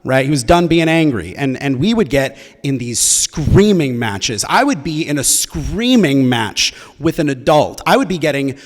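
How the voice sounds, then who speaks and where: A young man shares a personal story on stage, his mid-pitched voice carrying a long reverb from the hall around him. He talks in a loose, conversational way, stopping and restarting his sentences as he goes. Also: big pitch swings, a little slow, hardly any pauses.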